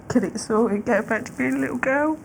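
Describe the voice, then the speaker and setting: A young woman, a mother in a therapy session, speaking softly and hesitantly, emotional and close to tears. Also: sits high, moderate pace, gravelly, noisy background. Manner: soft, hesitant, tearful and emotional.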